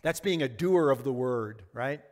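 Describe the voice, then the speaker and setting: A man's voice: mid-range voice, lively intonation, a little slow, a little mellow. A man teaching a verse-by-verse Bible study as a pastor, earnest and questioning his audience, sometimes acting out quoted lines. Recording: long hall reverb.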